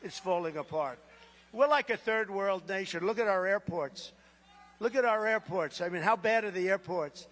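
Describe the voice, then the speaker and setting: A man with a notably high voice riffs off-script at a campaign rally, boastful and rambling, doubling back on his own phrases with sarcastic asides. His words ring out with a long reverb trailing through a big venue. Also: normal speed, a bit bright. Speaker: political speaker at a rally.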